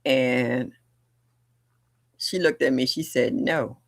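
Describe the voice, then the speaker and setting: An older woman hosting a livestream, chatting casually and bluntly, telling family stories with animated delivery and laughter. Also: very deep voice, slow, dry recording, studio quality. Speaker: livestream host. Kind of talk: casual storytelling chat.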